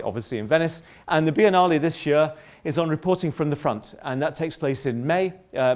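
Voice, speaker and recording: A middle-aged man giving a public lecture, polemical and lively, often breaking off into asides and restarts. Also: a little high. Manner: animated, polemical, self-interrupting with asides.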